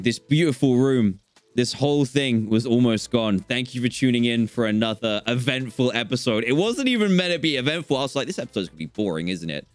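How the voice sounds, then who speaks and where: With no echo, a young man's medium-pitched voice carries his let's-play commentary for his gaming channel. He swings from calm talk to panicked yelps.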